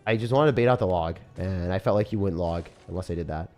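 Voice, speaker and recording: A young man giving casual, excitable gameplay commentary, often breaking into disbelief and calling the listener dude or bro. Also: sits low, fast, soft background music. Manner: excitable, frequent disbelief outbursts, calls viewers dude and bro. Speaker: gaming creator.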